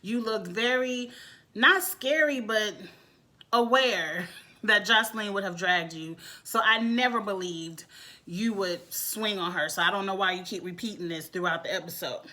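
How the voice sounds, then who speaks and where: A woman giving a casual, animated reality TV review, laughing often as she talks. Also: mid-range voice, normal speed. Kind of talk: casual commentary.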